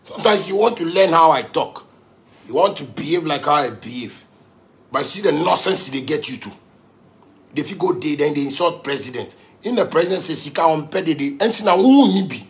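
A man with a Ghanaian accent rants angrily and profanely at his audience, repeating himself for emphasis. His slightly high voice is expressive and fairly quick, and the tone stays heated throughout.

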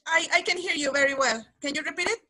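High, bright woman teacher on a video call. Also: quick pace. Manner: encouraging, calls on pupils by name. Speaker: English teacher. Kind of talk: online class quiz game.

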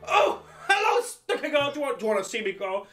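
A young man giving loud, excitable, swear-filled gameplay commentary, shouting often. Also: very high-pitched, quick pace, far from the mic, music in the background. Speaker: gaming YouTuber.

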